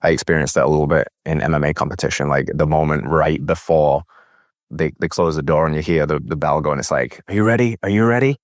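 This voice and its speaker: Deep-voiced male host, casual and fired up, swears easily, dry close mic. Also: level tone, fairly quick, no room sound. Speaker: podcast host. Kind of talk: conversational interview.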